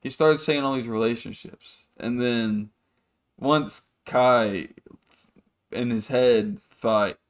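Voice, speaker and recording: A man's voice: medium pitch, takes it slowly. A man hosting a podcast, rambling through a casual story, swearing freely and acting out the people in it. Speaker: podcast host.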